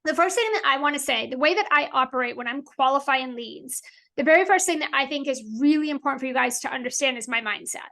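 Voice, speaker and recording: A woman's voice: high voice, quick pace, bright, forceful tone. A woman sales coach hosting a solo podcast, talking directly and emphatically, repeating her points.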